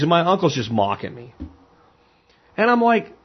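A Pennsylvania man who hunts and cooks game tells stories frankly and ramblingly, often repeating words. His breathy voice sits high and swoops wildly in pitch, at a normal speed with long pauses, on a dull lo-fi recording.

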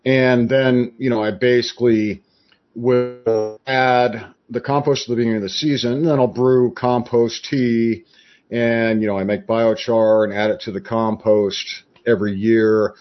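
A man as a podcast guest, explaining his approach in a measured, conversational way. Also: medium pitch, fairly even intonation, lo-fi sound.

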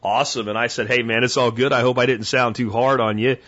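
A man's voice: medium pitch, fairly even intonation, fast talker, a bit bright. A man hosting a podcast, delivering a blunt, profane, emphatic rant. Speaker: podcast host. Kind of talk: ranting monologue. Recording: dull lo-fi sound.

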